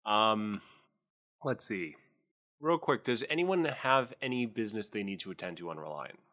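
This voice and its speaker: A man's voice: on the low side, expressive, normal speed, pushed and bright. A man running a tabletop game as game master, narrating with a rambling, filler-heavy manner.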